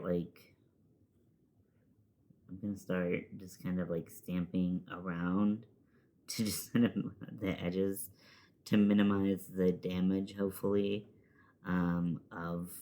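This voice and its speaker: A man's voice: deep voice, darkish tone. A man talking casually through a makeup tutorial at home, rambling and self-deprecating, with the odd muttered swear. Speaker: makeup vlogger. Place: at home, seated at a desk with a laptop.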